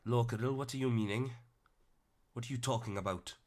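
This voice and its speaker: A man's voice: medium pitch, fairly quick, a little mellow, slight background noise, lightly acted. A man voicing a red-clad commander who asks questions politely. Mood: puzzled.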